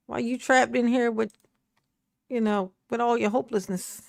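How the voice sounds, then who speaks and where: A woman's voice: fairly high pitch, fairly even intonation, moderate pace, gravelly, no room sound. A woman giving sarcastic, laughing commentary over a courtroom video.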